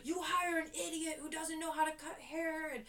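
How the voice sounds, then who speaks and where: A woman putting on the voice of a furious male customer who shouts insults. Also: a little high, completely flat delivery, measured pace, recorded from a distance. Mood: furious yelling.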